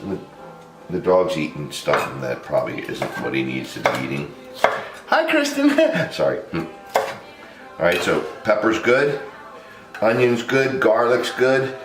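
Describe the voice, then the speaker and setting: Low-voiced man in an echoey kitchen. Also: expressive, measured pace, over music. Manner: chatty and loose, laughs often, talks to camera crew. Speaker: home cook vlog host. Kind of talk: casual cooking demonstration. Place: home kitchen.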